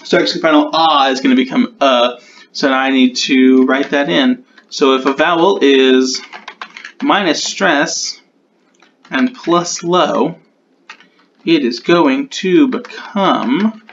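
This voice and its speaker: A man talking through his own tutorial, thinking aloud and slowing down as he types out rules. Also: medium pitch, fairly bright tone, muffled recording, a little hiss or hum. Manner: muses aloud, repeats test words, slows down while typing. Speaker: conlang creator.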